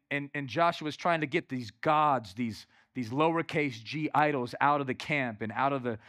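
A male pastor preaching a lively sermon in church, calling out to the congregation. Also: on the high side, no echo, studio quality. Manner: energetic, calls out to the congregation.

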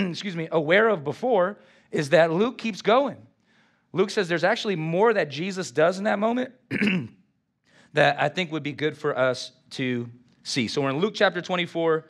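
A man preaches with lively energy. His voice sits a little higher than most men's. He reads scripture aloud and keeps calling for responses from the people listening. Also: moderate pace, slightly rough. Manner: lively, engages congregation with call-and-response. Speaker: pastor. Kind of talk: sermon.

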